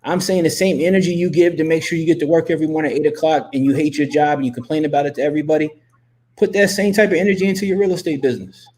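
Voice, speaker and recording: A man hosting a live interview as a coach, talking emphatically and repeating himself as he gives shout-outs and pep talk. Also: on the high side, fairly even intonation, racing. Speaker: host and coach. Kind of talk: motivational livestream talk.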